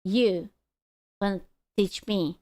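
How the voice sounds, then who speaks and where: Slow, teasing woman. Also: mid-range voice, a little mellow, no echo, studio quality. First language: Hungarian. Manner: crude, teasing, swears freely. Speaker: streamer. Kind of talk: casual stream chat.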